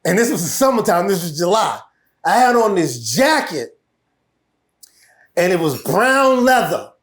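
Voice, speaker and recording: A man, a guest telling a story in casual talk, animated and laughing, with many restarts. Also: high voice, a little slow.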